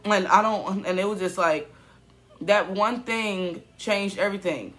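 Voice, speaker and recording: Young male vlogger, twenties, high bright voice, upset and rambling, lots of fillers. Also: unhurried. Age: 20s. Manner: rambling, many fillers and restarts; upset, emotional. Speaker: YouTuber. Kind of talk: casual vlog story.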